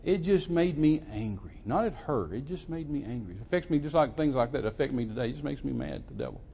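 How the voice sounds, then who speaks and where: A man in his sixties preaching a sermon, telling a story dramatically and swinging from hushed to loud, emphatic delivery. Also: mid-range voice, animated, quick pace, creaky, breathy edge. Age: 60s.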